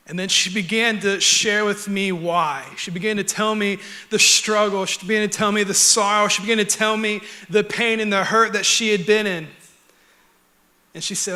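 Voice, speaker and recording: A young adult man preaching a sermon in a church, earnest and conversational, dropping to quiet, tender stretches. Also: sits high, moderate pace. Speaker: pastor. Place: church auditorium.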